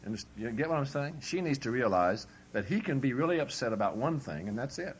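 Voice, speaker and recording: Man, preacher, folksy workshop talk, humorous, mid-pitched voice, faint hiss behind. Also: expressive, fairly quick. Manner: humorous, conversational, acts out both spouses. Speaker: preacher leading a marriage workshop.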